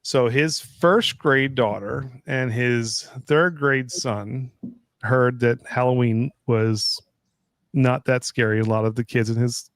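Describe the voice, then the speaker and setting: A man's voice: mid-range voice, takes it slowly, dry recording. Middle-aged man, dry rambling storyteller. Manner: rambling anecdotal storyteller with restarts. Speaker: live stream co-host. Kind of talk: casual chat.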